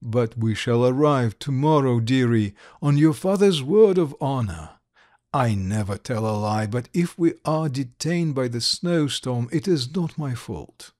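A man reading a big bearded father who speaks softly and pleads with his sick daughter. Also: medium pitch, animated, measured pace, dry recording, clean studio sound, close to an everyday voice. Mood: pleading. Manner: soft, pleading, apologetic.

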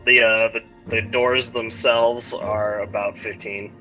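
Bright-voiced male game master. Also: on the low side, level tone, slow pace. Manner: rambling, many fillers. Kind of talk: narrating a tabletop game. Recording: dull lo-fi recording, faint music.

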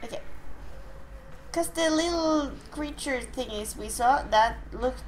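A woman's voice: high-pitched, takes it slowly, slight background noise, rough recording. A woman from Norway with a Norwegian accent, chatting casually through a game and startling easily. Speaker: let's play host. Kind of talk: casual gameplay commentary.

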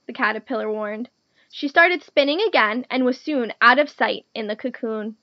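Lady reading a picture book to kids, high lively voice, kinda dull dry audio. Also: moderate pace, dry recording. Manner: clear, gentle, teacherly to children. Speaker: storytime reader. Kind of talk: children's picture-book read-aloud.

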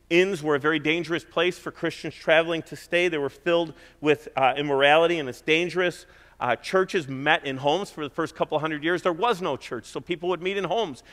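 A man's voice: fairly high pitch, a bit bright, in a large hall. A middle-aged man preaching a sermon in a conversational way, stressing points by repeating them. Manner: conversational preaching with emphatic repetition. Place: church.

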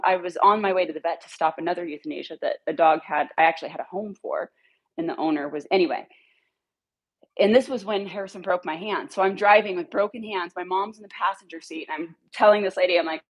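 A woman's voice: fairly low pitch, fairly quick, husky. A woman who runs a dog rescue, telling a heated story to her followers in a blunt way and swearing freely.

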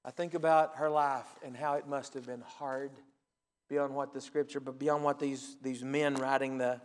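A man in his forties, a pastor, preaching a sermon and telling stories in an animated, laughing way. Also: mid-range voice, normal speed. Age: 40s. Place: church sanctuary. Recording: reverberant church hall.

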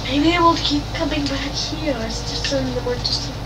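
High-voiced excitable woman gamer. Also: moderate pace, very noisy. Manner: excitable, playfully yelling and laughing. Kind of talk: let's-play commentary. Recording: distant mic with game music behind.

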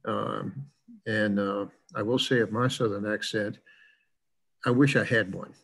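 Older man lecturing, husky voice. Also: on the low side, fairly even intonation, unhurried, fairly bright tone, low-quality recording. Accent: plain Midwestern-sounding American. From US South. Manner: chatty, rambling with many fillers. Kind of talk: online class lecture.

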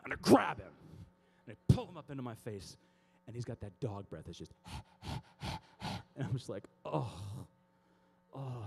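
A man speaking at a youth conference, telling comic stories and acting out scenes in an animated way. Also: medium pitch, husky.

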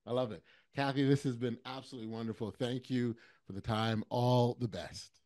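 A man's voice: medium pitch, steady tone, a little fast, a little mellow, no room sound. Upbeat male podcast host, dry sound. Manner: enthusiastic, repeats affirmations, stumbles on words. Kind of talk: casual interview chat.

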